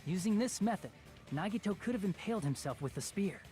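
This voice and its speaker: A man's voice: high voice, expressive, fairly quick, music in the background. An actor playing an earnest young male student reasoning through a trial in a video game.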